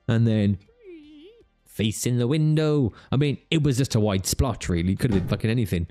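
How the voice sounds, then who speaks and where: A reaction video host comments on a video, laughing often and swearing playfully as he mocks what he's watching. His voice is medium-pitched, brisk, and warm, recorded on a studio podcast mic with faint music behind.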